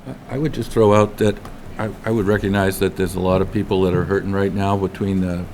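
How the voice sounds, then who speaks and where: A board member at a town meeting, speaking in a halting, earnest way. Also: male voice, low voice, steady tone, a little mellow, slight background noise. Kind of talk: meeting remarks.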